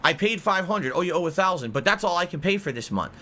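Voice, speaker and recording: A man vents on his podcast. His voice is bright and sits a little high, and he swears and circles back to hammer each point home. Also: animated, fast talker. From United States. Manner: angry, profane, repeats his points. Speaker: podcast host. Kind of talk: heated podcast rant.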